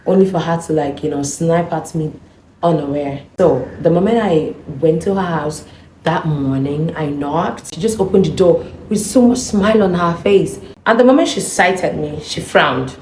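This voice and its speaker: A woman vlogger telling a personal story in an animated, indignant way, acting out the dialogue. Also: low voice, moderate pace, slight background noise. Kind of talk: storytime monologue. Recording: echoey room.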